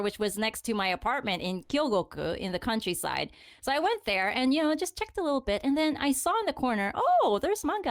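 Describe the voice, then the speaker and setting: A woman co-hosting a casual podcast, telling animated stories and laughing often. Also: sits high, no echo, studio quality. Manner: animated storytelling with frequent laughter. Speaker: podcast co-host.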